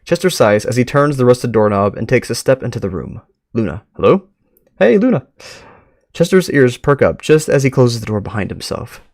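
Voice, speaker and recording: A man's voice: medium pitch, no echo. Guy laughing a lot while reading a web story out on stream, dry close sound. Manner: laughs often, reacts excitedly. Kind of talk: live reading of an online story.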